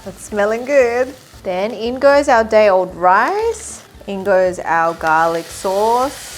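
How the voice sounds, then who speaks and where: A woman's voice: mid-range voice, sing-song, slow, faint music behind. A woman in her thirties hosting a casual cooking vlog, chatty and giggly. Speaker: host.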